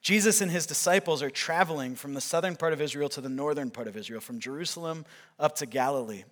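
A man's voice: on the high side, quick pace, fairly bright tone. A male pastor preaching a sermon, retelling a scripture story in a conversational way.

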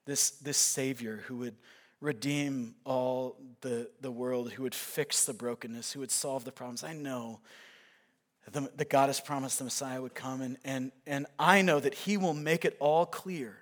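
A man's voice: medium pitch, steady tone, moderate pace, pitched below the performer's own voice, natural voice. A man preaching a sermon voices a tired, outcast Samaritan woman who pleads and then speaks earnestly.

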